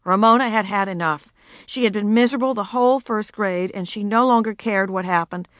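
A woman narrating a children's storybook with expressive delivery. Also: mid-range voice, a little fast, no echo, clean studio sound. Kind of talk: audiobook narration.

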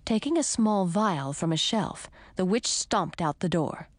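A woman narrating a children's fantasy audiobook in first person, with expressive storytelling. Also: on the low side, a little slow, hardly any pauses, no echo.

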